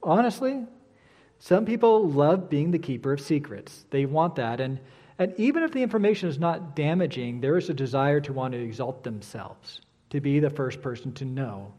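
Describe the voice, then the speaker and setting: A middle-aged man preaching a sermon, animated and acting out the voices he quotes. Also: on the high side, moderate pace. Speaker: pastor. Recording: long hall reverb.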